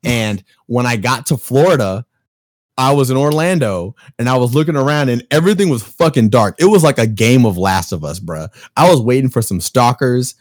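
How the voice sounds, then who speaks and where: A man from Chicago spins a long, profane story on a casual podcast. His pitch swoops widely as he acts out the people in it. His voice sits dry and close on the mic, at an ordinary male pitch. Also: moderate pace, no room sound. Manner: animated, profane, acts out quotes in big pitch jumps.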